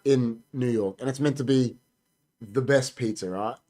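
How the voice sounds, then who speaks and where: A man's voice: medium pitch, moderate pace, warm tone. Emphatic Australian man chatting casually. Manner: emphatic, boastful asides ending in "bro". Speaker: podcast co-host. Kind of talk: casual chat.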